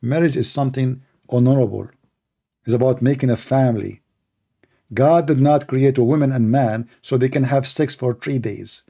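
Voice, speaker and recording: A man hosting a live call-in debate stream, talking in a heated, mocking way, his voice hoarse from shouting. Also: mid-range voice, moderate pace.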